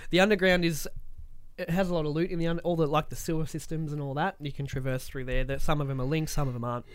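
Young co-host, slightly high voice, lively storyteller who swears casually, dry close-mic sound. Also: male voice, fast, clear, resonant tone, dry recording. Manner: animated storyteller, laughs often, swears casually. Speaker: podcast co-host. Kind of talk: casual gaming chat.

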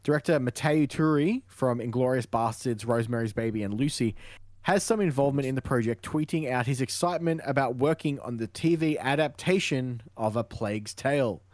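Man, mid-pitched, dry close sound, reads gaming news with some ums. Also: brisk, darkish tone, no room sound. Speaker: podcast co-host. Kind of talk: casual gaming news chat.

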